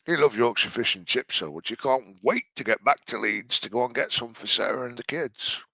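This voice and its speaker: A man's voice: medium pitch, brisk, creaky, pushed and bright, dry recording. Sarcastic, sweary man commenting dryly. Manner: mocking, exasperated, sweary. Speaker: reaction commentator.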